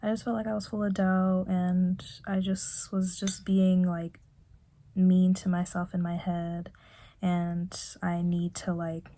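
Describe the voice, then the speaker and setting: A young woman vlogging reflectively from her bedroom, talking softly and haltingly with many fillers and restarts. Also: fairly low pitch, flat delivery. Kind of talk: reflective personal vlog.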